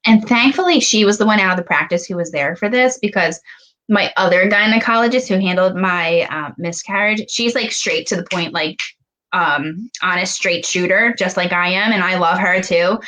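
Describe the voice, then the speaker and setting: A young adult woman telling a long, emotional personal story in fast, chatty talk full of "like" fillers. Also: lowish voice, pushed and bright, rough recording. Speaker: podcast guest.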